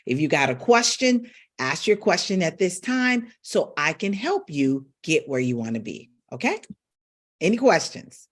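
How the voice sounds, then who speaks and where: A middle-aged woman coaches her viewers through a live-streamed voice lesson. Her pitch swings lively up and down as she demonstrates and explains. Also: unhurried. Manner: animated, coaching directly to viewers. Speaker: vocal coach.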